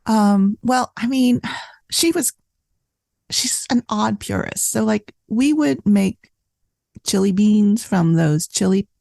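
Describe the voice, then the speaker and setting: A woman in her fifties, a cookbook author telling animated food stories in a casual interview, full of "like" and "you know". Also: mid-range voice, slow, gravelly, dry recording.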